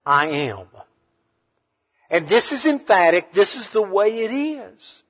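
Slow emphatic preacher in a reverberant hall. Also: male voice, high voice, sing-song, breathy edge. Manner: emphatic, swings from hushed to loud. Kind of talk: sermon. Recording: reverberant hall, dull sound.

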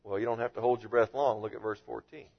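A man preaching a sermon as a pastor, with animated delivery and frequent rhetorical questions. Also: lowish voice, quick pace, gravelly, muffled recording.

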